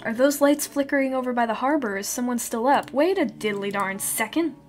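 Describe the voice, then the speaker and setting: A woman's voice: a little high, fairly quick, faint music behind. A woman streamer chatting casually and reacting aloud as she plays a story game.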